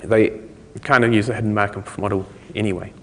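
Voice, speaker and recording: Explaining technical ideas casually at a conference, this male speaker has a lowish, steady, slightly bright voice and a brisk pace. Long hall reverb colors the recording.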